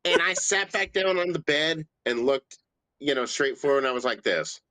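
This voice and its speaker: A man's voice: a little high, expressive, moderate pace, bright, forceful tone, no echo. A man in his thirties telling a story in casual chat, full of "you know" fillers. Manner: loose storytelling with many fillers. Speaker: stream co-host.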